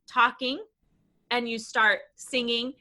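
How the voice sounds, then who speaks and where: An enthusiastic woman in her thirties chats as a podcast guest, tumbling through restarts and little fillers. Her voice sits a touch high and sounds very bright and forward. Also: little pitch movement. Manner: enthusiastic, quick, many restarts and "like". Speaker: guest, language program founder. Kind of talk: casual podcast interview.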